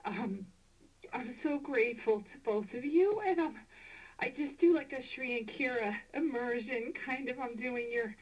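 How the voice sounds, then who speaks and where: A woman calling in to a radio show, speaking emotionally and gratefully with many hesitant pauses. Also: on the high side. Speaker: caller. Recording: dull, distant phone line.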